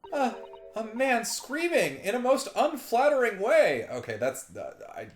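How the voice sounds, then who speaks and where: A woman's voice: fairly high pitch, big pitch swings, unhurried, a little hiss or hum. A woman co-hosting a casual game playthrough, reading characters' lines aloud and slipping into playful voices. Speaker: let's-play co-host. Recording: roomy home recording with faint game music.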